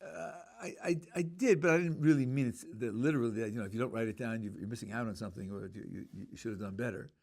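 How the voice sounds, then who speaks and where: A man's voice: mid-range voice, fast, gravelly, hardly any pauses, a little mellow. A man, a rabbi, teaching a Torah class in an explanatory way, thinking aloud with fillers and restarts. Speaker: rabbi lecturer.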